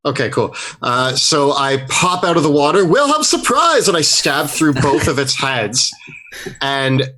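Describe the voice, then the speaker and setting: A man's voice: mid-range voice, fairly even intonation, unhurried, bright, forceful tone. A man playing a character in a tabletop game, describing his moves and thinking aloud. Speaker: player.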